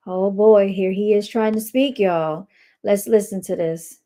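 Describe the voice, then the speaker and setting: A woman hosts a casual livestream, reacting to clips with blunt, animated commentary. Her voice sits in a middle register, and she talks straight to her viewers with lively ups and downs. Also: mid-range voice, a little slow. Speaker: livestream host.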